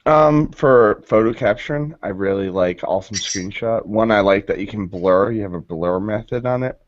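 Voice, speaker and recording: A man's voice: fairly low pitch, moderate pace, dry recording. A man on a video call panel, chatting about tools in a hesitant way with many ums. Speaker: panelist, educator. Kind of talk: conversational chat. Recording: dull, dry video call audio.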